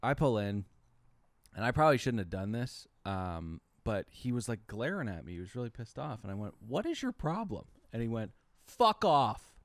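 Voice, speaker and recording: A man, co-hosting a podcast and telling lively stories in casual chat. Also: on the low side, fairly quick, dry recording. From Los Angeles area. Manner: animated storyteller, acts out quotes. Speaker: podcast co-host.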